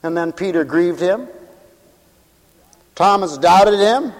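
A man preaching with fervor, breaking into hallelujahs and glory and quick laughs. His voice sits high and his delivery is slow and drawn out. The sound carries a long hall reverb. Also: animated. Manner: fervent, exclaiming hallelujah and glory, laughing often. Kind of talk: sermon.

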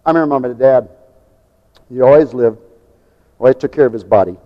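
A middle-aged man preaching a fiery sermon, swinging from loud shouts to quiet joking asides. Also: medium pitch, a little fast, in a large hall, dull audio. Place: large church hall.

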